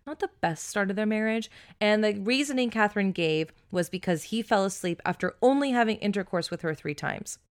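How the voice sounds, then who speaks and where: Brief: a chatty woman co-host, mid-pitched, recounting true crime with casual swearing. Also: a little fast, few pauses. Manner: chatty, swears freely, many "like"s. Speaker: podcast co-host.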